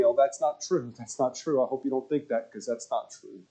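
A man preaching a sermon as pastor, telling stories and acting out the voices of people he quotes, swinging between loud and hushed. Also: mid-range voice, moderate pace, slightly rough, muffled recording. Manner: animated storyteller, acts out quoted voices, swings loud to soft.

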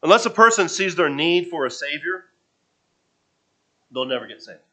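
A man preaching a sermon, often repeating and restarting his phrases, and moving between soft low asides and loud bursts. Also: animated, normal speed, low-quality recording.

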